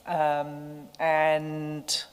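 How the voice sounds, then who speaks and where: A woman, legal counsel making formal submissions at a hearing, citing page and paragraph numbers in a measured way. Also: low voice, completely flat delivery, clear, resonant tone. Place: large hearing room. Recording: echoey hearing room with faint hum.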